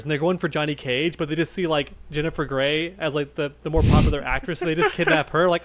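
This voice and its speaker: A man's voice: fairly high pitch, quick pace, few pauses, fairly bright tone. A man co-hosting a casual gaming podcast, playfully spinning jokey scenarios and laughing along. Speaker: podcast co-host.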